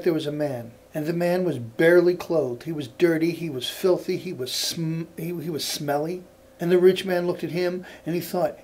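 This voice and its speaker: Male folk-tale storyteller, slightly high pitch, unhurried repetitive cadence. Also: darkish tone, breathy edge. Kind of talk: oral folk tale telling.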